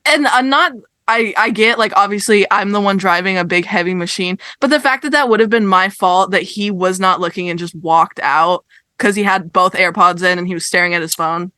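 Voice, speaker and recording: A young woman co-hosting a podcast, telling a story in casual chat, animated and exasperated, swearing as she rants. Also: medium pitch, fairly quick, dry recording. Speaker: podcast co-host.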